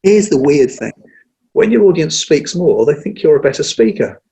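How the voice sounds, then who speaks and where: A man who trains people in presenting, talking in a lively conversational way and acting out what an audience says. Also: on the high side, slight background noise, low-quality recording. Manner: energetic, acts out audience lines, speeds up and slows down on purpose. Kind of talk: casual conversational interview.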